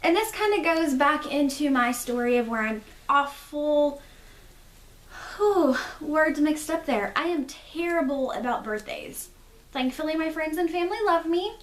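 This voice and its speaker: Woman, high voice, rambling crafty chatter, echoey room. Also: a little slow. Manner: chatty, self-deprecating, rambling asides. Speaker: podcast host. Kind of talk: casual crafting video chat.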